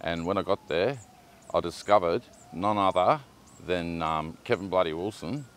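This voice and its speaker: Casual Australian man, lowish voice. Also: normal speed, a bit bright. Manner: casual and chatty, with slang and hesitant fillers. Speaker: performer. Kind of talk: spoken monologue.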